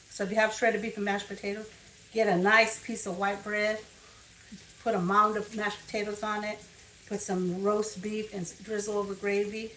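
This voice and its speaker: In her home kitchen, an older woman with a medium-pitched, fairly bright voice hosts a laid-back cooking demonstration, chatting and meandering into family stories as she works. The recording is echoey and distant-miked, with food sizzling and frying in the background.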